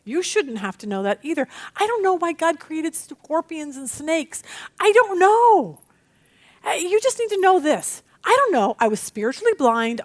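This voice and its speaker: A middle-aged woman teaching a women's Bible study, chatty and animated, telling stories against herself. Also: high voice. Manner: animated, chatty, self-deprecating storytelling.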